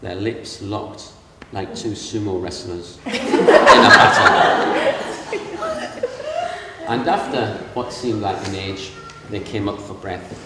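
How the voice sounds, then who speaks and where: In a big reception room at a castle wedding, a middle-aged man from England gives a funny best man's speech without notes, speaking slowly in a lowish, animated voice. He tells stories and imitates the people involved. The audio sounds far off and echoey, with background room noise.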